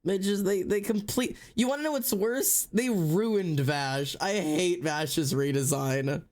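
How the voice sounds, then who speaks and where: A woman's voice: fairly low pitch, slow, a little mellow. A woman streamer chatting casually, ranting and swearing, with dramatic wails of mock despair. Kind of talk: casual live-stream chat.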